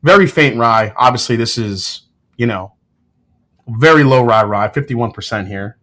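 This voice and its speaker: A man's voice: medium pitch, moderate pace, fairly bright tone. Laid-back New man tasting whiskey on a livestream. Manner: loose, joking, swears, banters with chat. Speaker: whiskey reviewer hosting a livestream. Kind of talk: casual livestream chat with tasting notes.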